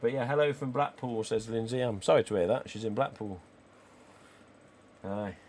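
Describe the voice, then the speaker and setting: A man, croaky today, hosting a live stream and chatting cheekily with viewers. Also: mid-range voice, normal speed, darkish tone, slight background noise. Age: 40s. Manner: chatty and cheeky, with casual swearing. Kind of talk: casual livestream chat reading viewer comments.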